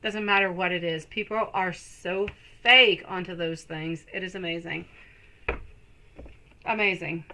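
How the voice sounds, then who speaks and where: A woman running a live tarot stream, her voice bright and clear. She talks in an affectionate, reassuring way and keeps calling her listeners sweet pet names. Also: lowish voice, fairly even intonation, unhurried, slight background noise, low-quality recording. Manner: soothing, reassuring. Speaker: tarot reader.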